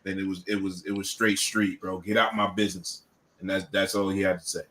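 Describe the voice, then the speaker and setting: A man's voice: low-pitched, little pitch movement, a little fast, fairly bright tone. A man co-hosting a wrestling podcast, talking in a blunt, profane, casual way and often repeating himself. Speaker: podcast co-host.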